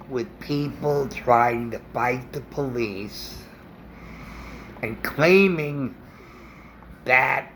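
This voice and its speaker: A man venting an indignant opinion rant in a vlog, halting with fillers and restarts. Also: medium pitch, a bit bright, a little hiss or hum. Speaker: vlogger.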